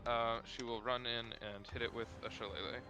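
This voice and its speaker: A man's voice: medium pitch, little pitch movement, fairly quick, over music. A man playing a tabletop game, talking casually and hesitantly about his moves. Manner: hesitant, filler-heavy. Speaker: player.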